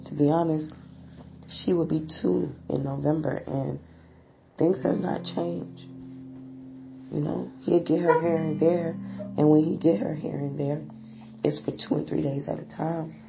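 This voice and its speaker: Woman pouring her heart out on her podcast, slow and tired, gravelly voice, dull lo-fi sound with guitar behind. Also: sits low. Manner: slow, halting and weary. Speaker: podcast host. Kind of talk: personal confessional podcast. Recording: dull lo-fi audio with guitar music.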